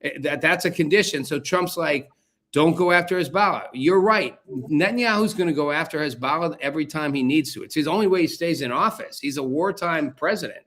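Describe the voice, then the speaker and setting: A man's voice: on the high side, lively intonation, fairly quick, fairly bright tone. A man hosting a political talk show, arguing his point emphatically and repeating key phrases for force. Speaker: show host.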